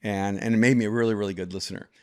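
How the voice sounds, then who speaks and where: A man's voice: fairly low pitch, steady tone, racing. A man over fifty from El Salvador, a guest telling stories in a reflective way with frequent restarts. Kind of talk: conversational storytelling.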